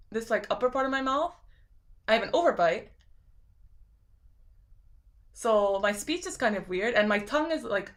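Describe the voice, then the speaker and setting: A young woman with a lisp, chatting casually on a live stream and reading viewer comments out loud, rambling with lots of fillers. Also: medium pitch. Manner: rambling, filler-heavy, laughs often.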